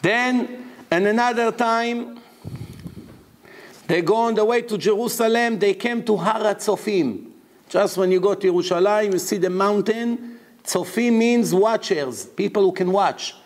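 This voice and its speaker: Animated rabbi teaching Talmud. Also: male voice, high-pitched, unhurried. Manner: animated storytelling with rhetorical questions; explains terms as he goes. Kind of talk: Talmud lecture.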